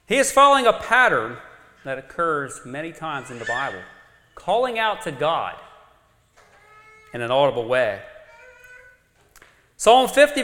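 A man preaching a sermon, telling a story with dramatic rises and sudden quiet drops. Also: fairly high pitch. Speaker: pastor. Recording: long reverb of a large hall.

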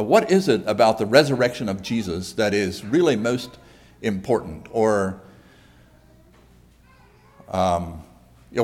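Guy giving a sermon, talks casual, lots of pauses, voice goes up and down a lot. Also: mid-range voice. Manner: conversational preaching with pauses and questions to the congregation. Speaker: pastor.

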